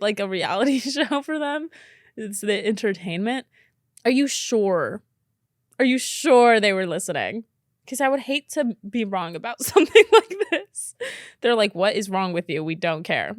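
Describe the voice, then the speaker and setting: A young woman hosting a podcast, reading out listener stories in casual chat and reacting with incredulous, animated asides. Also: medium pitch, no room sound, clean studio sound. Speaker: podcast host.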